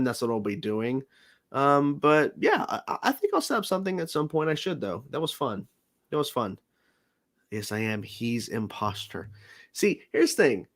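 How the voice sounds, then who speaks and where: A man's voice: a little high, fairly bright tone. A man hosting a livestream, chatting casually with viewers, laughing often and rambling with restarts and fillers. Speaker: livestream host.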